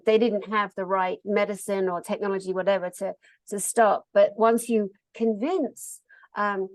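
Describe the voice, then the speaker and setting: A woman co-hosting a casual conversation. She rambles through asides and restarts, at a middle pitch. Her voice sounds close and dry, with no room around it. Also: a little mellow, no echo. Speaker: co-host. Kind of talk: casual chat.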